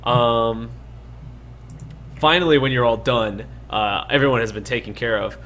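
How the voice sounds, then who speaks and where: A man's voice: medium pitch, unhurried, fairly bright tone, a little hiss or hum. A man narrating a tabletop game as dungeon master, loose and full of fillers.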